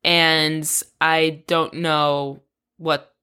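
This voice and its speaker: A woman with a slightly low voice gives a casual personal update on her podcast. She talks frankly, with plenty of swearing and rambling asides, and her frustration runs through it. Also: little pitch movement, extremely slow, bright, forceful tone, clear, resonant tone. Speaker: podcast host.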